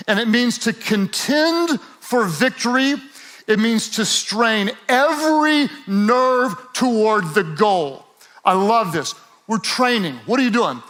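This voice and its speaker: In an unhurried, high voice, this preacher starts out relaxed and joking, then builds to forceful urging, asking the congregation to say certain lines aloud after him.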